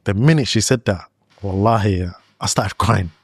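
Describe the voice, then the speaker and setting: A man with a fairly low voice tells a personal story in a relaxed interview chat. He talks loosely, leaning on "like" and "you know" as he goes. The sound is close and dry, with no room echo. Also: normal speed, breathy edge. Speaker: guest. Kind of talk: casual storytelling in a podcast interview.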